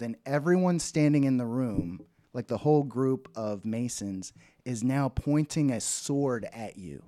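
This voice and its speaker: A man's voice: medium pitch, unhurried, warm tone, no room sound, clean studio sound. A man co-hosting a podcast in casual chat who rambles, restarts his sentences and laughs often. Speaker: podcast co-host.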